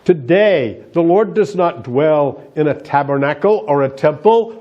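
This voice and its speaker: A man's voice: on the high side, animated, a little slow, warm tone, lo-fi sound. A man preaching a sermon as pastor, emphatic and asking the congregation rhetorical questions.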